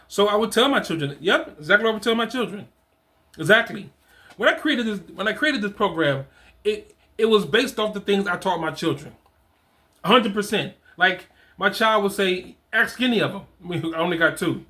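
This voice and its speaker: Brief: middle-aged man, fatherhood coach, high bright voice, animated and conversational, restarts his phrases as he talks. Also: moderate pace. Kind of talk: casual solo talk reading from a program.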